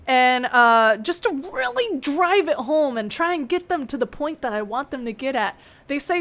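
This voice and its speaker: A young woman on a video call telling a story casually, chatty and laughing often, with dark humor. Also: high voice, very animated, moderate pace, few pauses.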